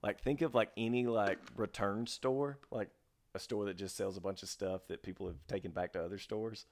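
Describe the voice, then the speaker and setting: A man's voice: on the low side, fairly even intonation, moderate pace, a little hiss or hum. Rambling Texan man, casual podcast chat. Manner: rambling, restarts a lot, laughs easily. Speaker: podcast co-host.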